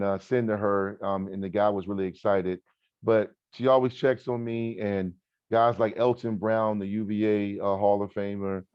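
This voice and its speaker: Man, 40s podcast co-host; low voice, animated emphatic storyteller, dull dry lo-fi sound. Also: clean tone, no room sound. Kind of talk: casual podcast chat.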